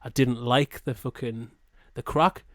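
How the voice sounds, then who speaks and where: A man's voice: medium pitch, fairly even intonation, measured pace, no room sound, clean studio sound. A man with a northern English accent, a podcast co-host, rambling bluntly and swearing in casual chat.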